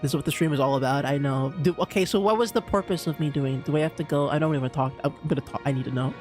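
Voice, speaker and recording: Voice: mid-range voice, very fast, a little mellow, soft background music. A streamer with a Bermudian accent giving casual gameplay commentary, ranting in exasperation and laughing often.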